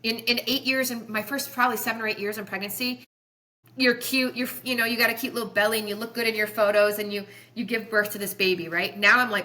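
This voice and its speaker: A woman's voice: on the high side, fairly even intonation, quick pace, pushed and bright. A woman in her forties, a chiropractor guest on a podcast, telling stories in an earnest, passionate, rambling way. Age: 40s. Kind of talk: emotional podcast storytelling.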